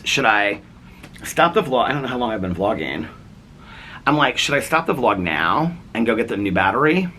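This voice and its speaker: A man in his forties rambles casually to a camera on a tripod at home, with a lively, swooping pitch. His voice is bright and fairly low. A faint hiss sits under the recording. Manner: rambling, chatty, frequent fillers and laughs. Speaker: vlogger. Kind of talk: casual vlog chat.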